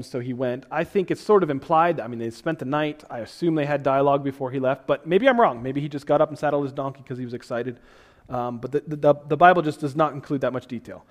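Man preaching, slightly high voice. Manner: conversational and self-deprecating, with fillers. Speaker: pastor. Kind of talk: sermon with scripture reading.

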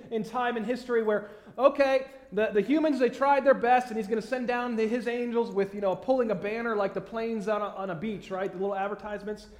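A man preaching a sermon in a conversational way, with many fillers and pauses, building to emphatic questions. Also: very high voice, a little mellow. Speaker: pastor. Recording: echoey room.

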